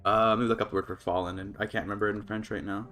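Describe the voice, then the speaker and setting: Racing along in a fairly low voice, a man streams himself playing a strategy game while soft music plays. His commentary is casual and thought-out-loud, packed with fillers and restarts, with frequent laughter and excited jumps in pitch.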